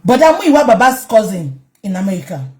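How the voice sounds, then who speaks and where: A woman with a Nigerian Yoruba accent giving heated commentary as a vlogger, speaking emphatically and breaking into shouts. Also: mid-range voice, very animated, a little fast. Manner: emphatic, switches between English and Yoruba, bursts into shouting. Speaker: online commentator.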